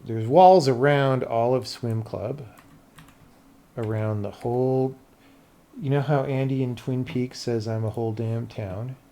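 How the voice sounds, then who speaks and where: A man's voice: mid-range voice, dark tone. A man streaming as he builds a game level, talking to himself in a casual, thinking-aloud way with mumbled asides. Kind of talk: casual livestream commentary while working.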